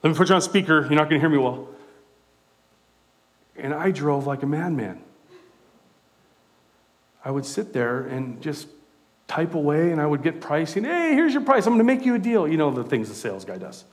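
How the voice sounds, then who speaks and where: A middle-aged man from California preaching a sermon as a pastor, conversational and animated, telling stories from his own life. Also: fairly high pitch, normal speed, long pauses.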